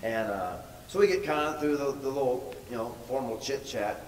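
A man's voice: mid-range voice, moderate pace. Emphatic man preaching in a hall. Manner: emphatic, repeats words for stress. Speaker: pastor. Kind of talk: storytelling sermon. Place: large church hall. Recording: echoey hall from far off, faint noise.

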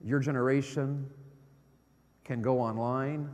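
A middle-aged man preaching a sermon as an evangelist, swinging from loud exclamations to hushed low tones. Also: expressive, moderate pace, pauses often. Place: church sanctuary. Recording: long church hall reverb.

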